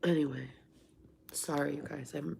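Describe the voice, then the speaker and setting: A woman's voice: deep voice, fairly even intonation, normal speed, gravelly, darkish tone, breathy edge. A middle-aged woman hosting a casual livestream from home, chatting and rambling as she answers viewers by name. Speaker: livestream host. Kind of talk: casual live-stream chat, reading viewer comments.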